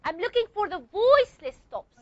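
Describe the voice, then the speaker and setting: A woman's voice: very high voice, sing-song, moderate pace, a bit bright, no echo, muffled recording. A woman teaching a classroom lecture, repeating and modeling sounds and checking often that students follow.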